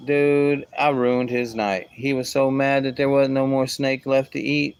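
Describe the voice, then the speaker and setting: A man's voice: little pitch movement, moderate pace, smooth, no room sound. A man telling a casual story, rambling along with asides and restarts. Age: adult with a young son. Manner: rambling, full of asides like "whatever" and "boom".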